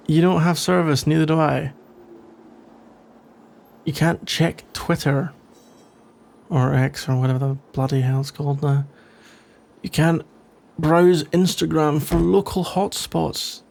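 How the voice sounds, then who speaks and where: A man plays a sarcastic young office rival for an ASMR role-play, grumbling in a dry voice that is heavily gravelly and gritty. His tone sits a bit on the high side for a man. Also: darkish tone.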